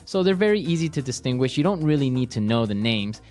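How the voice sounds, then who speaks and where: A man co-hosting a language lesson podcast, relaxed and affirming in a casual chat. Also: mid-range voice, fast, soft background music. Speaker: podcast co-host.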